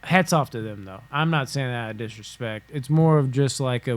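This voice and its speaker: A man's voice: medium pitch, brisk. A man hosting a solo podcast from home, rambling casually and swearing freely as he spitballs. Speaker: podcast host. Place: home room.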